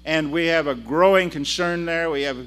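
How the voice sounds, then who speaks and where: An older man preaching a sermon, telling stories and calling on the congregation to answer and repeat after him, moving between loud preaching and low asides. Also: moderate pace, clear, resonant tone. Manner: storytelling with call-and-response to the congregation.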